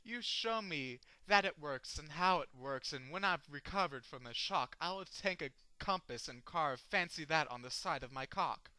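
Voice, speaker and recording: A man's voice: on the high side, expressive, moderate pace, few pauses, sharp tone, dry recording, rough recording. A man performing a long rhyming comic poem as a sardonic, sweary rant. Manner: ranting, sardonic, rhythmic, swearing. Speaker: poetry reader.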